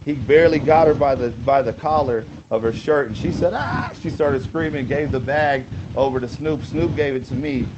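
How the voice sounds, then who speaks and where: A man's voice: medium pitch, moderate pace, few pauses, background noise. Rambling man telling road stories. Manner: rambling anecdotes, leans on "you know". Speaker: interview guest. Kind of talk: casual storytelling. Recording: slightly dull lo-fi sound.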